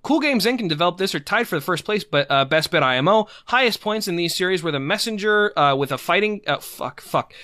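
Podcast dude rambling and swearing, kinda high voice, sharp and tense. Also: male voice, expressive, a little fast, few pauses, dry recording. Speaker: podcast host. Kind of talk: casual podcast chat.

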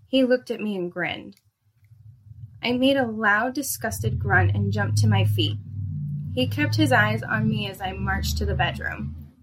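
Young woman reading a spicy story, dry fed-up tone, mid pitch.

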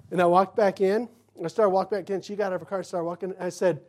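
A middle-aged man preaching in a relaxed, folksy way, wandering into personal anecdotes. He acts out the other people in his stories as he goes. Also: high-pitched, fast. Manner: folksy storytelling, acts out quotes. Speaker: pastor.

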